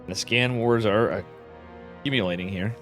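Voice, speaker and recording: Tired male solo caster, loose and chatty, gets loud when fights start; music running underneath. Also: fairly low pitch, normal speed. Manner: casual and chatty, rising sharply when a fight breaks out. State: tired, yawning. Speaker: esports commentator. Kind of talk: solo live game commentary.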